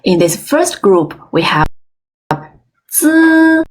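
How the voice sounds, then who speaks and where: A woman teaching an online language class, modeling sounds slowly and with exaggerated tones, praising often. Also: fairly low pitch, big pitch swings. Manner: slow, careful, exaggerated tone demonstrations; encouraging, frequent praise. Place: online webinar.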